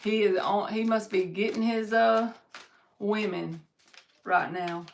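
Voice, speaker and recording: A woman's voice: medium pitch, fairly even intonation, slow pace, gravelly, slight background noise. A woman giving a live-streamed tarot reading, reading viewers' comments aloud and answering them in an upbeat, encouraging way. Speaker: tarot reader.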